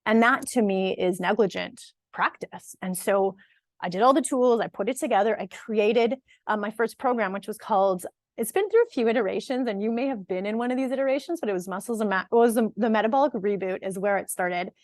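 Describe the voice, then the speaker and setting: Talking a little fast at medium pitch, a fitness and nutrition coach in her 40s addresses viewers directly in a casual on-camera monologue, earnestly and emphatically, frequently starting her sentences over. The sound is dry and clean, studio-grade.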